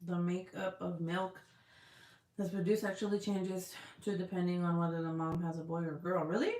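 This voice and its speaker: A woman's voice: on the low side, level tone, normal speed, a little mellow. A woman chatting casually with her livestream audience, candid and chatty, swearing freely as she talks. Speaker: livestream host. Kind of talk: casual chat. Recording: roomy echo.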